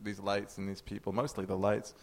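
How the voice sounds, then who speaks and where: A man's voice: lowish voice, monotone, a little fast, darkish tone. A man in his thirties, a guest on a live stage show, talking with dry self-deprecating humor. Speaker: guest, magazine editor. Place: comedy stage before a live audience.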